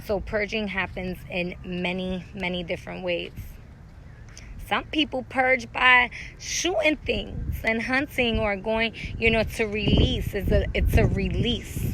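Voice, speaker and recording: A woman's voice: mid-range voice, fairly even intonation, a little slow, heavy background noise. A woman who works as a spiritual healer, talking candidly and bluntly with frequent swearing in a casual vlog, recorded outdoors at a dog park.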